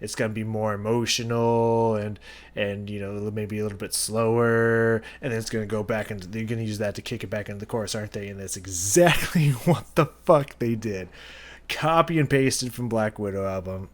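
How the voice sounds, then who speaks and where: A man's voice: fairly low pitch, fairly even intonation, a little fast. A man hosting a music reaction video, thinking aloud as he analyzes a song and searching for his words. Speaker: music reaction channel host.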